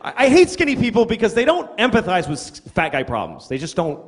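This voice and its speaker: A man's voice: sits high, wildly swooping pitch, fast talker. A man performing a profane, ranting stand-up comedy routine on stage. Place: live comedy venue. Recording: echoey live club with audience noise.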